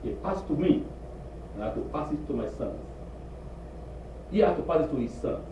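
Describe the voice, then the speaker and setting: A man preaches an animated sermon and hammers his points through repetition. His voice is fairly high for a man. It is heard from a distance in an echoey congregation hall, muffled, with faint background noise. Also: moderate pace. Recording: distant, echoey, dull room recording.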